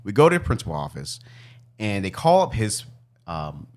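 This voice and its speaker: Male podcast co-host, casual storyteller, very expressive pitch, profane and laughing. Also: moderate pace. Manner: animated, laughing, acts out family members in shouts; swears freely.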